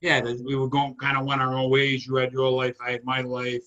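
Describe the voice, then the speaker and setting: A man's voice: mid-range voice, completely flat delivery, brisk, dull audio. A man in his sixties with an Italian-American accent, hosting a comedy chat on a video call and reminiscing in a rambling way. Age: 60s. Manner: reminiscing, rambling and warm-hearted. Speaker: comedy show host.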